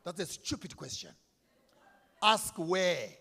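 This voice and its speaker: A man delivers a fiery public speech, repeating key lines and swinging between near-whispers and shouts. His voice sits high and rings bright and forceful. The sound carries the long reverb of a large hall. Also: big pitch swings, slow, vocal fry, slightly rough. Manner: declamatory, repetitive emphasis, swinging from hushed to shouted. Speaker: speaker at a commemorative event.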